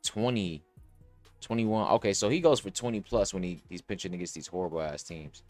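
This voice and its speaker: A man's voice: sits low, moderate pace. A young man hosting a podcast, casually thinking aloud about sports bets with slang and cursing. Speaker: podcast host. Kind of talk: casual sports betting talk. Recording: dry close mic, faint music.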